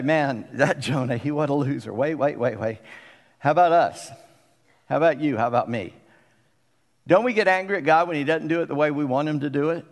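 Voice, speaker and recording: A middle-aged man preaching a conversational sermon as pastor, often putting questions to the congregation. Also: on the high side. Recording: long reverb of a church hall.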